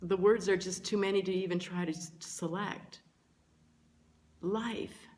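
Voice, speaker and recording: Slow, gentle older woman teacher. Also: mid-range voice, steady tone. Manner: gentle, earnest, pausing often between phrases. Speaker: spiritual teacher. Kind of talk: slow reflective spiritual talk.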